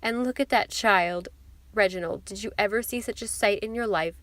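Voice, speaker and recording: Woman putting on a fussy gossipy wife, hushed and catty, dry sound. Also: medium pitch, moderate pace, no room sound, close to an everyday voice. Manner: hushed, spiteful.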